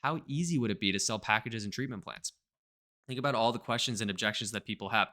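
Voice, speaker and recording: A man's voice: fairly low pitch, quick pace. A man teaching marketing straight to camera, energetically checking in with his listeners. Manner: energetic, checks in with "right?" and "okay?". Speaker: marketing coach.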